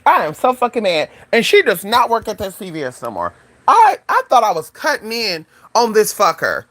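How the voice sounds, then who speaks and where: This spiritual advisor talks at normal speed in a relaxed livestream chat, swearing freely and staying animated, with sudden high-pitched exclamations and plenty of "honey" and "y'all" aimed at viewers. There's no echo.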